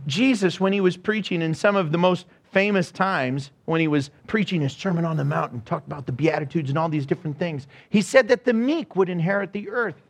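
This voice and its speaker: A high-pitched man preaching a fervent sermon. He drops to near-whispers, then surges into shouted emphasis and acts out little voices along the way. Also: a little fast, few pauses. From United States. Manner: dramatic, acts out voices, swings from soft to shouting. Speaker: pastor.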